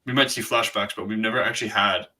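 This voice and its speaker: A man's voice: fairly low pitch, steady tone, quick pace, sharp tone. A man co-hosting a pop culture podcast, talking hesitantly and restarting his sentences in casual chat. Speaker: podcast co-host.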